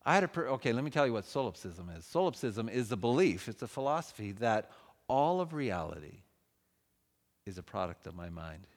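Man, church event speaker, humorous talk on faith, very expressive intonation, long hall reverb. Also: medium pitch, fairly quick. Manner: animated, joking, conversational.

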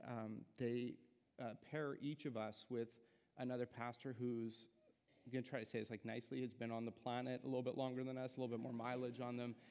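In a church sanctuary with long reverb, a young man gives a guest sermon in a medium-pitched voice with a darkish tone. He keeps things casual and pokes fun at himself, leaning heavily on filler words.

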